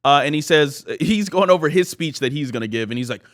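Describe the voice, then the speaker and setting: A man in his thirties recaps a show in casual podcast chat. His voice sits a little high and swings widely in pitch. He keeps bursting into quoted lines from the episode. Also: brisk. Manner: animated, acts out quoted lines. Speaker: podcast co-host.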